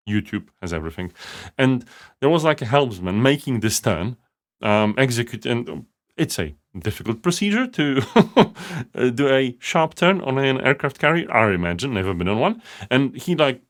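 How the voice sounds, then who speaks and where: A man hosting a live leadership coaching show, talking casually and rambling with many fillers and restarts. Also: fairly low pitch. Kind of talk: casual live-stream monologue.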